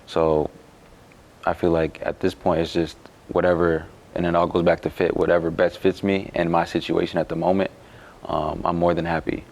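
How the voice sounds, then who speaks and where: A young man, a college basketball player, answering interview questions in a relaxed, halting way with many fillers. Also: low-pitched, vocal fry. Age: young adult.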